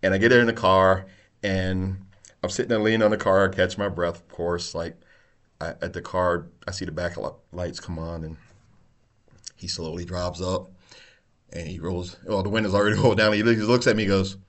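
Brief: middle-aged male host, deep voice, animated storyteller, salty language. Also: moderate pace. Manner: animated storyteller, swears freely, laughs a lot. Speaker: podcast host, retired police officer. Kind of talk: casual storytelling chat.

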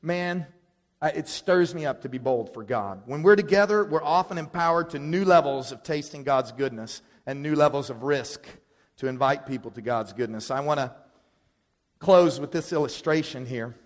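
Animated male preacher telling a story. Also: on the high side, moderate pace, big-room sound. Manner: animated, self-deprecating storytelling. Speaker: pastor. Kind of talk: sermon.

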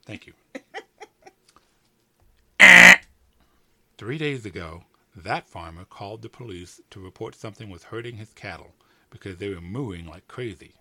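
A man's voice: on the low side, animated, measured pace, gravelly, pauses often, sharp tone. A man reading a story aloud for a podcast, joking and laughing as he flubs his lines. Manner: playful, teasing, laughs through flubbed lines. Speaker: podcast co-host and narrator.

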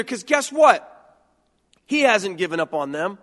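A man's voice: extremely high pitch, sing-song, normal speed, pauses often, a bit bright, big-room sound. A man preaching a sermon in an earnest, conversational way, often repeating and restarting words.

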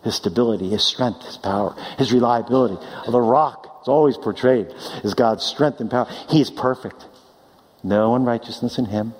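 A man preaching a sermon, animated, swinging between loud high declaiming and quiet low asides. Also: moderate pace. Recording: long hall reverb.

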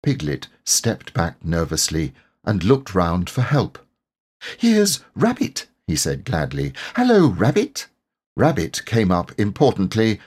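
A man narrating a children's storybook with gentle, expressive delivery. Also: deep voice, slightly rough. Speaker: audiobook narrator.

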